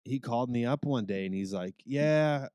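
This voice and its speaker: Mellow-voiced man chatting casually. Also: medium pitch, moderate pace, clean tone, no room sound. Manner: loose, swears, agreeable. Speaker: podcast co-host. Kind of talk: casual chat.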